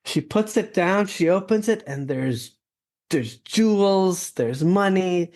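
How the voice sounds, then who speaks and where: Podcast host, male, slightly high voice, earnest reflective storyteller, casual delivery. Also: animated, slow pace, darkish tone.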